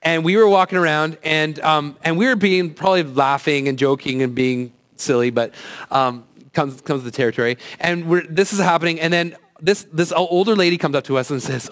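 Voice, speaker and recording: A man's voice: on the high side, brisk. A man in his thirties giving a casual, conversational sermon as a youth pastor, joking at his own expense and acting out quoted voices. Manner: conversational, self-deprecating, acts out quoted voices.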